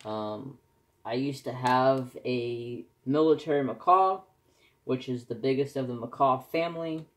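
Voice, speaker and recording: Slow-talking man, rambling casual chat. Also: mid-range voice, fairly bright tone. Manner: rambling, folksy, self-correcting. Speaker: crafting vlogger.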